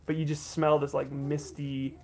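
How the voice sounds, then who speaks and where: Game master type: man narrating a livestream campaign, gravelly, loose and rambling. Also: on the high side, flat delivery, normal speed, darkish tone. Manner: rambling, many fillers and restarts.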